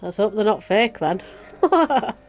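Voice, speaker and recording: A woman's voice: mid-range voice, normal speed, darkish tone, faint music behind. A Yorkshire woman hosting a let's play, chatting sarcastically and ranting about the story. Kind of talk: casual game commentary.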